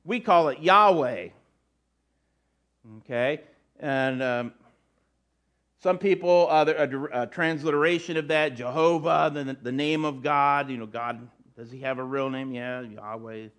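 A man's voice: medium pitch, unhurried, a bit bright. Conversational male pastor preaching. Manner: conversational preaching with frequent restarts and asides. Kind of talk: sermon.

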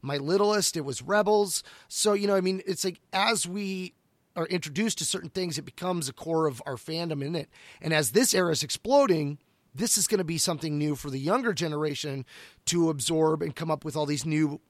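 A man's voice: fairly high pitch, a little fast, dry recording. A middle-aged man co-hosting a podcast, talking casually about books and often restarting his sentences. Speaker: podcast co-host. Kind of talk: casual book discussion.

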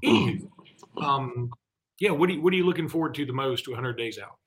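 A man's voice: mid-range voice, animated, a little fast, slight background noise. A man co-hosting a sports talk show in a loose, conversational way. His voice sits in an ordinary middle range, and he talks in a chatty, self-deprecating manner. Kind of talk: casual sports radio chat.

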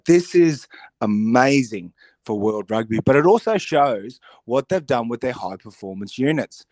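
A husky man whose voice is roughened by a cold, co-hosting a radio show. He rambles in an animated way and often restarts his sentences. His pitch is mid-range, and the sound is dry and close. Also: a little slow, no room sound. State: recovering from a cold. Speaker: radio co-host. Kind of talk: casual radio chat.

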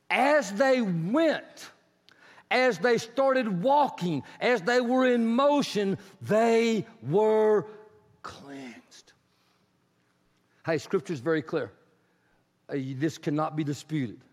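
A man preaching a sermon, telling Bible stories in an animated way, acting out the people in them and rising into shouts at points. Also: high voice, takes it slowly. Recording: long hall reverb.

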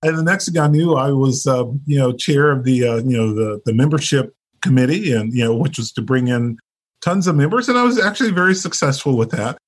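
A man's voice: mid-range voice, expressive, brisk. A man from North Carolina, a guest telling his story in a casual interview, chatty, with lots of fillers and laughter. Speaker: interview guest, nurse leader.

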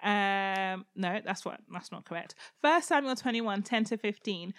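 A woman's voice: medium pitch, a little slow, dry recording, studio quality. A woman, chatting casually as a podcast host and reading Bible verses with lots of laughter. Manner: animated, laughs often, breaks into playful voices. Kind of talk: casual chat reading and joking about Bible passages.

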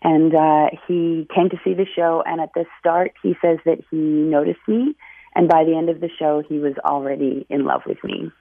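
A woman's voice: sits low, fairly even intonation, normal speed, vocal fry, dry recording. A woman calling in to a radio show, speaking hesitantly with many fillers. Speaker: caller, comedy performer. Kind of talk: phone call to a radio show. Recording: tinny phone line.

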